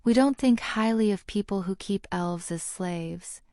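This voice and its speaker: A woman's voice: medium pitch, measured pace, dark tone, no room sound, studio quality, close to an everyday voice. A woman voicing an earnest, studious young witch in an audiobook, explaining things carefully. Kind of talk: audiobook character reading.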